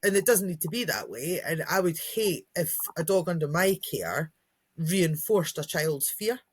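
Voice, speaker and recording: Husky-voiced woman chatting about dogs. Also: sits low, animated, normal speed. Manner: chatty, acts out dogs' and kids' voices. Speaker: podcast co-host, dog trainer. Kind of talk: casual chat.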